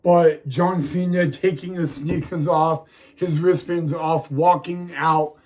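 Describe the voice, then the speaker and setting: A young man hosting a wrestling vlog, talking haltingly to viewers with many restarts and near tears. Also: on the high side, steady tone, darkish tone, a little hiss or hum, poor audio. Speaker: wrestling video host. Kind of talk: casual vlog talk to viewers.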